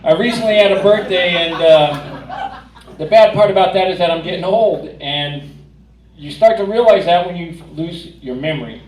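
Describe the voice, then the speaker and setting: A man performing a stand-up comedy set in a club, giving dry punchlines with a drawn-out delivery. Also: sits high. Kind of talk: stand-up routine. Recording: roomy club audio from a distance, audience laughter.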